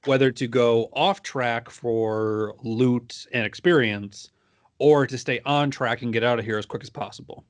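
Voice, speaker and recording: A man's voice: mid-range voice, fairly even intonation, measured pace, no echo. A man narrating as dungeon master of a tabletop game, laid-back and joking.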